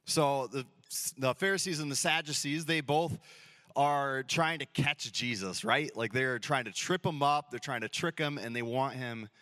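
Male pastor in his thirties, casual storyteller, mid-pitched, close and dry. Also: moderate pace, bright, forceful tone, no room sound. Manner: casual, storytelling, acts out dialogue playfully. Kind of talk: sermon. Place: church sanctuary.

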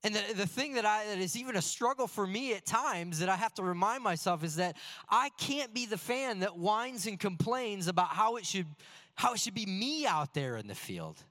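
A man preaching a sermon as a pastor in a church sanctuary, telling stories earnestly and slowing down to stress key phrases. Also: high-pitched, fairly bright tone. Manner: earnest storytelling with slow emphatic phrases. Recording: long hall reverb.

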